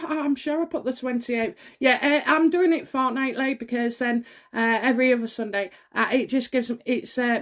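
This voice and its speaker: A middle-aged woman, hosting her own tarot channel and chatting to camera, excitable and rambling with many fillers and restarts. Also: mid-range voice. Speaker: tarot reader and channel host. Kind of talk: casual chat to camera.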